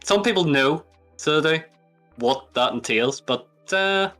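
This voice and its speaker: A man's voice: a little high, animated, slow, fairly bright tone, faint music behind. A man, chatting as a guest, hedging teasingly and laughing often. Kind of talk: casual chat.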